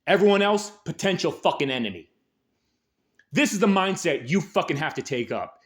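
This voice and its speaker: A show host with a high, sing-song voice speaks at a moderate pace while delivering an angry, aggressive political rant. It is full of heavy swearing and rises to shouted peaks.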